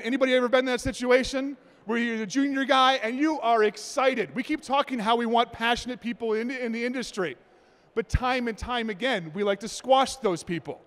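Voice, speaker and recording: A man giving a conference talk, telling jokes and acting out stories in an animated way. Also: very high voice. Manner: animated, joking storyteller. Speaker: conference presenter. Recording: long hall reverb.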